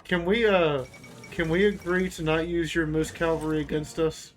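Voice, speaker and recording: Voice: mid-range voice, fairly even intonation, moderate pace, soft background music. A streamer hosting a multiplayer strategy game, chatting casually and joking with other players. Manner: playful, jokey, bursts into laughter.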